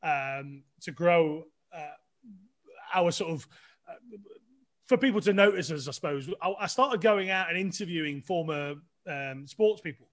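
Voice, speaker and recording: As a podcast guest, this chatty, self-deprecating middle-aged man spins casual stories and often restarts his sentences. He speaks on the high side at a measured pace, sounding a bit bright.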